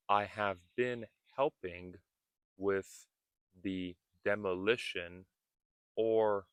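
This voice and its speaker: Slow, low-voiced male English teacher. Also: clear, resonant tone, no room sound. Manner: deliberate, repeats words to model pronunciation. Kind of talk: slowed-down teaching talk. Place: outdoors on a building roof at a construction site.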